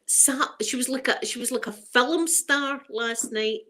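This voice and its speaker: A woman's voice: high voice, measured pace, bright, forceful tone. Scottish mum rambling to her stream chat, laughs a lot, gets emotional, middle-aged. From Scotland. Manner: chatty, emotional, laughs often, greets chat by name. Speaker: ASMR live streamer. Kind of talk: casual live-stream chat.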